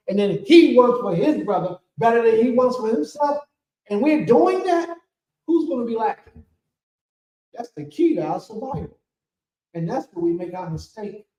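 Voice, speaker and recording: A man giving a sermon as spiritual leader of a congregation, preacherly and rising to shouts. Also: high-pitched. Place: temple hall. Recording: echoey room from far off.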